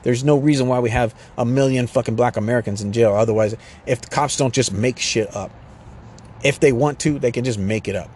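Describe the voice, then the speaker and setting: A man's voice: mid-range voice, fairly quick, darkish tone, a little hiss or hum. A man ranting urgently in a casual, rambling way, swearing often and circling back to repeat his points. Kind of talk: casual rant to camera.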